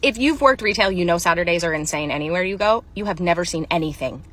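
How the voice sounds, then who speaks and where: A woman's voice: on the low side, lively intonation, fast talker, fairly bright tone. A woman telling a comedic retail story and acting out the clerk, sarcastic and casual. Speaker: storyteller, former retail worker.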